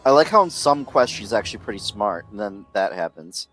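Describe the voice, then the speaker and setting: A man's voice: on the low side, sing-song, a little fast, a bit bright, soft background music. A man streaming a video game, making wry, joking remarks about the story as he plays. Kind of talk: casual gameplay commentary.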